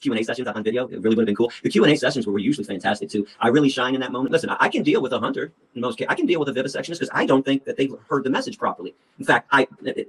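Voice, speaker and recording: A blunt, animated man in his fifties tells stories in a rapid-fire stream. His words tumble out with restarts and repetitions, pitched in a middle range. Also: husky, rough recording. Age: 50s. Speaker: activist speaker. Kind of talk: animated storytelling in an interview.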